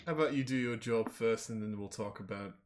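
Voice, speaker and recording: A man's voice: on the low side, a little fast, noisy background, lightly acted. A man voicing a cocky male crime lord and master of disguise, teasing and playful.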